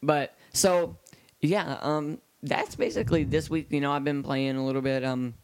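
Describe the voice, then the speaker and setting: A man's voice: on the high side, steady tone, moderate pace, darkish tone, slight background noise. A man co-hosting a casual gaming podcast, his speech hampered by metal in his mouth, rambling with lots of ums and uhs. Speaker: podcast co-host.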